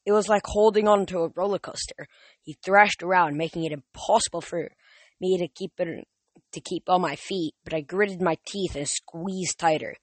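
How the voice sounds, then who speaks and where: A casual audiobook narrator reading a first-person adventure in an even middle pitch, often tripping over words and going back to fix them. The sound is dry and close, with no room around it. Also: moderate pace, no echo. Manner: casual, with frequent slips and restarts.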